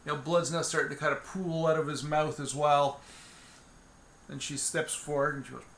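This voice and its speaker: A man's voice: on the high side, flat delivery, moderate pace, a bit bright. A man narrating a solo tabletop game in a loose, rambling way, often restarting his sentences. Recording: roomy echo.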